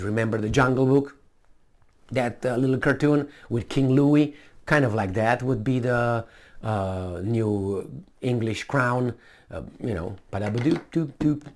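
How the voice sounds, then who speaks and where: A man giving indignant, mocking opinion commentary as a vlogger. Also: mid-range voice.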